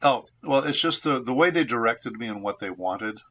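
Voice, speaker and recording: A man from San Diego, a voice actor being interviewed, telling anecdotes in a measured, reflective way. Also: medium pitch, animated, bright, forceful tone. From San Diego, United States. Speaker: voice actor guest.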